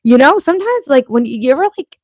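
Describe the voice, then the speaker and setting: A woman's voice: high-pitched, sing-song, quick pace, darkish tone, no room sound. A woman in her late thirties hosting a casual livestream, reading viewer comments aloud and answering them in a brash, chatty way with free swearing. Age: late 30s. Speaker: livestream host.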